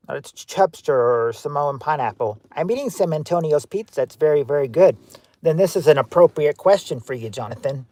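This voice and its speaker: A man's voice: on the high side, a little mellow, dry recording. A man hosting a livestream game show, reading out viewers' guesses and greeting them by name in an offhand, chatty way. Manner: offhand, with frequent fillers and restarts.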